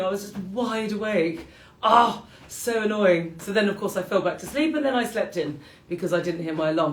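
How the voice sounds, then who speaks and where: At home with dogs around, a British woman hosts a live-streamed morning qigong class, chatting casually and self-deprecatingly and often breaking into laughter. Her voice is mid-range, in an echoey room.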